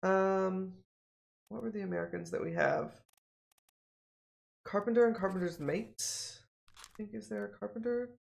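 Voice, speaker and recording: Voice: medium pitch, very animated, moderate pace, creaky, pauses often. A streamer thinking aloud while playing a mystery game, musing and often repeating themselves while puzzling things out. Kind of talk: casual think-aloud gameplay commentary.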